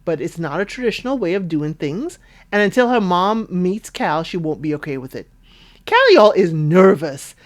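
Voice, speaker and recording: Woman, fairly low voice, casual recap host, animated and talky, jumps into high voices for quotes. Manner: chatty and expressive, laughing, acting out quotes in raised voices. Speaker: recap podcaster.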